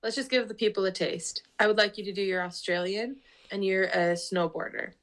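A chatty woman co-hosting a podcast, her voice sitting at an ordinary middle pitch. She talks in loose, casual chat and scatters "like" through her sentences. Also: fairly even intonation, fairly quick. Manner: chatty, lots of fillers and 'like'. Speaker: podcast co-host.

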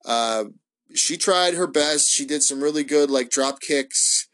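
Casual solo host, male, slightly high voice, swears a lot, rambles with many ums. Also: unhurried. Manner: profane, excitable, rambling with many fillers. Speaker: wrestling podcast host.

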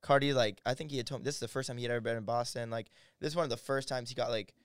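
Fast-talking young man telling stories. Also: medium pitch, clear, resonant tone, no echo, clean studio sound. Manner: animated, swears freely, acts out quoted people. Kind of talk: casual storytelling chat.

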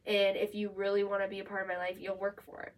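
A woman's voice: mid-range voice, monotone, distant mic, a little hiss or hum. Blunt young woman ranting. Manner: blunt, defiant, swearing, fast rant. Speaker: podcast co-host. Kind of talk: casual chat.

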